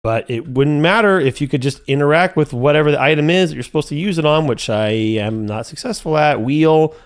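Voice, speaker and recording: A young man commentating his own gameplay live, talking to his chat and growing frustrated, with sudden high yelps. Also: fairly quick, clear, resonant tone. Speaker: streamer playing a horror game.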